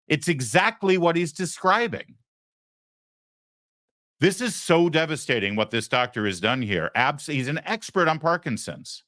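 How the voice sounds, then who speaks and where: A man's voice: a little high, very animated, unhurried, fairly bright tone, dry recording, clean studio sound. Emphatic male talk show host. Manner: emphatic, acts out quotes, rhetorical questions. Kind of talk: opinionated talk show commentary.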